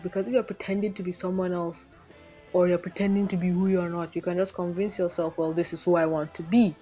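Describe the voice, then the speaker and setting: A woman giving a casual anime episode review in an animated, rambling way, swearing freely. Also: lowish voice. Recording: dull lo-fi recording with faint background music.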